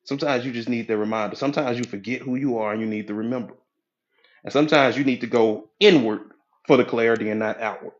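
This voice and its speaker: Man, motivational talk, preachy, folksy, repetitive, medium pitch, dull lo-fi audio. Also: fast. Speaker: motivational speaker, hypnotherapy coach. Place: live audio app room.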